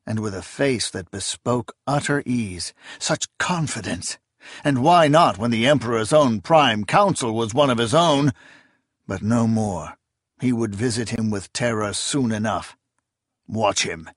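A man reading a fantasy novel aloud in a measured, expressive style. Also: medium pitch, dry recording, studio quality. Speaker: audiobook narrator. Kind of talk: scripted fantasy narration.

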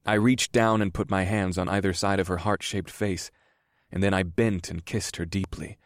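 A man narrating a first-person audiobook in a slow, measured reading. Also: low-pitched, steady tone, dry recording, studio quality.

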